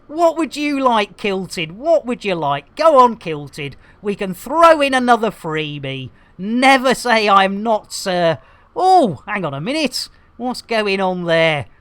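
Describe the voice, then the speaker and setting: A woman streams a game with a comedian's patter, full of puns and giggles. Her voice sits a little high and swings widely in pitch. She talks at an unhurried pace. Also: very animated, no echo. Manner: playful, punning comedy patter with frequent laughs; showman-like addresses to "ladies and gentlemen". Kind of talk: live game-stream commentary.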